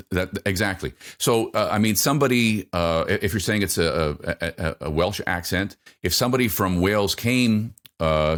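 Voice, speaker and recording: Very low-voiced halting male voice coach. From North America. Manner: halting, many fillers and repeated words. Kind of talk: interview answers.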